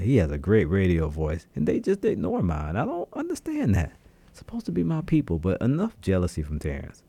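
A man co-hosting a podcast alone from a radio studio, chatting casually and talking straight to his listeners in slangy, animated bursts. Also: low voice, no room sound. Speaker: podcast co-host. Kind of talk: casual solo podcast chat.

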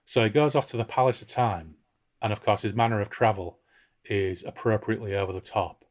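A man's voice: on the low side, brisk. A man co-hosting a book podcast, reading passages aloud expressively and chatting about them casually. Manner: expressive reader, lifts voice for quoted characters. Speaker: podcast co-host reading and discussing a novel.

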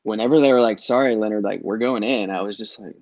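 A middle-aged man with a fairly low voice rambles through his old concert-trip stories, swearing freely and slipping into other people's lines. The sound is dry and a little dull, like a close podcast mic. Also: quick pace, darkish tone, dry recording. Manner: rambling storyteller, swears freely, acts out quotes. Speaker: guest telling concert stories. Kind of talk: casual podcast chat.

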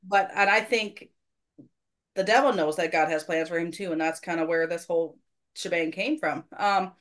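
A woman's voice: on the low side, moderate pace, fairly bright tone. A woman hosting a faith podcast, telling a personal church story in casual conversation, earnest and self-deprecating.

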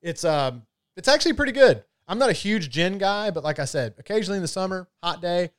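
A man's voice: high-pitched, expressive, fast, fairly bright tone, dry recording. Man, casual whiskey chat, rambling, swears a lot, dry close sound. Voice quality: loose, profane, rambling delivery.

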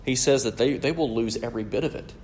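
A fast-talking man with a medium-pitched, darkish voice preaches an expository sermon, emphatic and explanatory, often checking in with "right?". There's a little hiss or hum on the recording.

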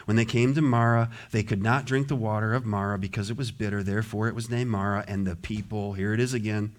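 A man preaching a sermon in a church, lively and often acting out the voices of a grumbling crowd. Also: lowish voice, fast talker. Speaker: pastor. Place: church sanctuary.

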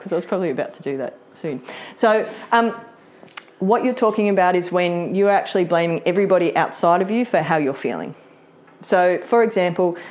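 A woman's voice: on the low side, darkish tone. Chatty woman leading a workshop. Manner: chatty, laughs often, acts out quotes. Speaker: workshop presenter. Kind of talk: live workshop teaching.

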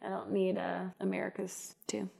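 Sassy, animated woman guest. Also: medium pitch, normal speed, creaky. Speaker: podcast guest. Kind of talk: casual podcast conversation.

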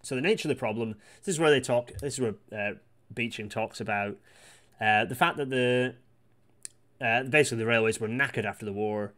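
Fast-talking man reading and commenting. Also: medium pitch, a bit bright. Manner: rapid, with many restarts and asides. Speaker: host of a live read-through. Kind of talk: casual live-stream commentary on a historical report.

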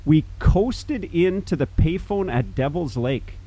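A man's voice: a little high, slow, noisy background. Rambling man telling a story. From Manitoba, Canada. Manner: rambling, animated, restarts. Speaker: podcast host. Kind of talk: casual storytelling among old friends.

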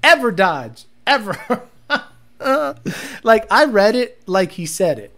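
Speaking slowly at a medium pitch, a livestream host chats casually, reading out viewer comments and telling stories. The storytelling is animated and profane, broken up by frequent laughter.

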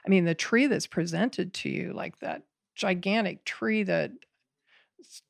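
A woman in casual podcast conversation, talking in an animated, rambling way with frequent laughs and restarts. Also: lowish voice, a little slow, gravelly, no echo, studio quality. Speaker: podcast guest, bonsai student.

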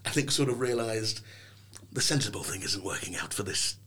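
A young Englishman, guesting on a podcast, tells stories in a relaxed chat, speaking at a moderate pace with a lowish, slightly breathy voice. His delivery is theatrical and animated, full of playful put-on voices.

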